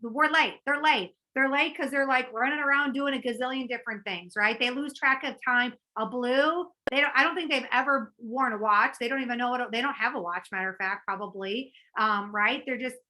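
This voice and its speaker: Woman sales trainer, high bright voice, bubbly and talkative, motivational talk. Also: brisk, hardly any pauses, poor audio. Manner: bubbly, chatty, lots of fillers and quoted asides. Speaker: network marketing trainer.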